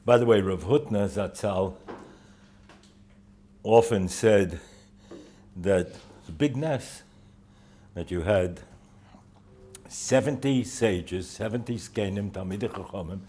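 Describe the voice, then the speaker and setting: An older man, a rosh yeshiva, giving a holiday talk to students, telling stories with dry humor and pausing often with "uh.". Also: deep voice, warm tone, breathy edge. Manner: halting, with frequent "uh" fillers. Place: yeshiva in Jerusalem.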